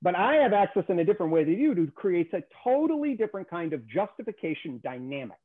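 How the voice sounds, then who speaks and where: Brief: male guest, slightly high voice, emphatic explainer, thin telephone-like sound. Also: big pitch swings, fast talker. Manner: emphatic, keeps checking in with "okay?". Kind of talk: conversational lecture on theory. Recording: tinny phone-like call audio.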